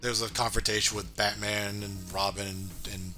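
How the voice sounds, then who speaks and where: A man's voice: lowish voice, flat delivery, moderate pace, bright, forceful tone. Casual man recapping a cartoon over music. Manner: recaps scenes, acting out quoted lines with fillers. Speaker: podcast co-host reviewing a cartoon. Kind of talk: casual chat.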